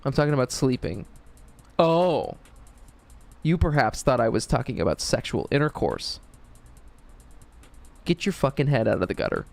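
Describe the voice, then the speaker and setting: A man's voice: medium pitch, sing-song, normal speed, gravelly, pauses often, faint music behind. A man streaming a game, talking casually in a rambling, profane way. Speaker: gaming streamer.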